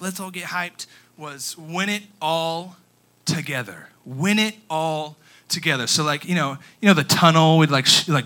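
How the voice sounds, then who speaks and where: A young man, a youth pastor, preaching a casual and energetic sermon that runs from quiet scripture reading to loud storytelling. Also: a little high.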